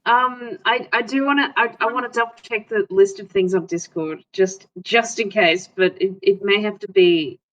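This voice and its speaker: A woman's voice: mid-range voice, normal speed, hardly any pauses, fairly bright tone. A woman playing a tabletop game, hesitant and thinking aloud. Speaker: player. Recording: dull lo-fi mic, distant.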